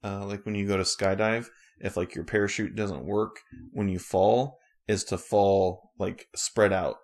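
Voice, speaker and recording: Deep-voiced man rambling through a recap. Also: unhurried. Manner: relaxed, rambling with many fillers. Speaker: podcast co-host. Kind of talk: casual chat recapping a show.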